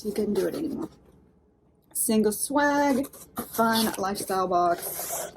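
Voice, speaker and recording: A woman with a Southern drawl talks her viewers through a subscription box. She rambles in a folksy way and keeps calling them "y'all". Her voice sits in an ordinary middle pitch. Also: slightly rough. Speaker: unboxing channel host. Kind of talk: chatty unboxing vlog.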